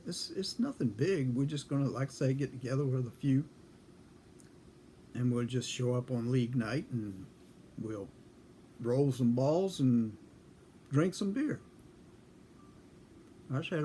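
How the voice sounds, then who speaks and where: A man's voice: medium pitch, a little slow, pauses often, warm tone, slight background noise. A man telling a casual story in a folksy, dry way, acting out both sides of a conversation. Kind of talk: casual spoken anecdote.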